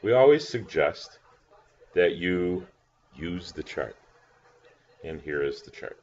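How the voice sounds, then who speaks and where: Deep voiced guy teaching a lesson, slow and patient, spells stuff out, kinda dull lo-fi sound. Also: expressive, darkish tone. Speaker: language teacher. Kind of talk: recorded classroom lesson.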